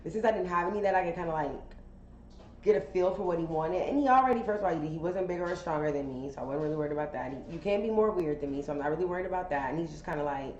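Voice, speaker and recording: A woman's voice: on the low side, very fast, darkish tone. A woman telling a casual, candid story for a podcast, chatty and profane, full of fillers. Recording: roomy, dull sound with faint noise.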